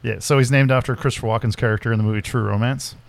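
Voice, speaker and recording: A man co-hosting a podcast, telling stories in a loose, profane, animated way. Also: medium pitch, racing, creaky, dry recording. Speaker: podcast co-host. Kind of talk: casual chat.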